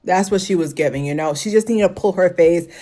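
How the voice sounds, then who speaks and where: Woman, 30s, lower-pitched voice, casual rambling reviewer. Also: fairly quick, dark tone, soft background music. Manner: rambling, full of "like", laughs often. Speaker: fashion show reviewer.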